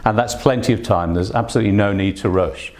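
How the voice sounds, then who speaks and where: A man's voice: on the low side, quick pace, a little mellow. A man teaching an online English speaking test lesson, patient and encouraging, with frequent fillers as he explains.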